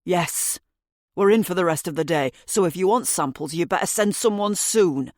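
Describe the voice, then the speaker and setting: A woman's voice: fairly low pitch, animated, normal speed, no echo, clean studio sound, voice pushed up, lightly acted. A woman voicing a grudging, curt middle-aged man under suspicion who speaks bluntly in clipped phrases.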